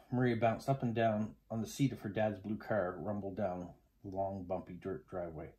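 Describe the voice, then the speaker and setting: A man reading a children's chapter book aloud as a parent, with gentle, expressive storytelling. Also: fairly low pitch, normal speed, hardly any pauses, rough recording.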